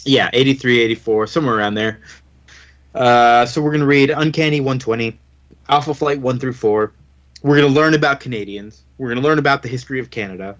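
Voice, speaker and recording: A man's voice: mid-range voice, a little fast, fairly bright tone. A man co-hosting a comics podcast in casual, joking chat, rambling and now and then putting on silly voices. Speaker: podcast co-host.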